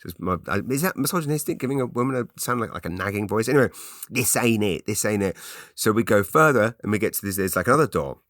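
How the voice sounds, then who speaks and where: English male podcast host, low-pitched, chatty comic storyteller, close dry mic. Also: expressive, quick pace, hardly any pauses, fairly bright tone, no room sound. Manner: chatty storyteller with frequent restarts and put-on voices. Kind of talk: solo comedic ramble.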